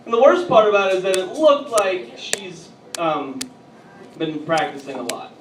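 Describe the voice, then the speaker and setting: A man doing a stand-up comedy routine on a club stage, telling edgy jokes and bantering with the crowd, at times getting loud. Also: high voice, moderate pace. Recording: echoey, distant, noisy live room.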